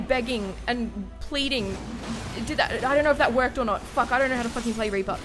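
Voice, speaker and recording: A woman with a high-sided voice talks fairly quickly during a live game stream. A little drunk, she curses, mutters to herself and chat, and periodically shrieks in panic, with the game's music clearly present under her voice.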